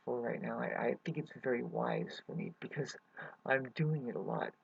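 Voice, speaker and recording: A man's voice: mid-range voice, moderate pace, gravelly, husky, no room sound. A man rambling through a hesitant personal update to his viewers, full of fillers and restarts. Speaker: vlogger. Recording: dull lo-fi recording.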